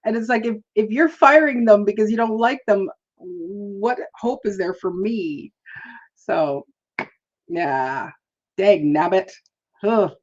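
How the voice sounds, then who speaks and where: A woman's voice: mid-range voice, animated, takes it slowly, lo-fi sound. A woman hosting a live stream, chatting in a rambling, casual way, laughing often and greeting viewers. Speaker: livestream host.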